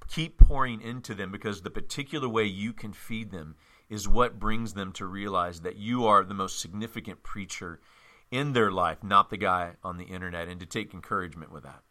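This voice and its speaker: A man's voice: on the low side, moderate pace, pushed and bright. A man who is a pastor, earnest and encouraging, speaking to fellow pastors with joking asides. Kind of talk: casual conversation between pastors.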